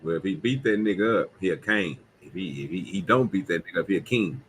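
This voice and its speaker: A man's voice: low voice, lively intonation, fast talker, slight background noise. A man in casual podcast chat, rambling and acting out quoted lines. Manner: rambling storyteller, acts out quotes.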